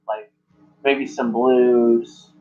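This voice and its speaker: A man narrating as game master in a halting way, filling gaps with "like". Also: mid-range voice, fairly even intonation, soft background music. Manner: halting, many "like" fillers. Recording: muffled lo-fi recording.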